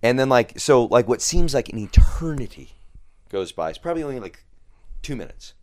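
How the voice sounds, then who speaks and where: A man on a podcast in a studio, telling a profane story in a casual, animated way and acting out the lines he quotes. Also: medium pitch, moderate pace, dry recording. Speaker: podcast guest.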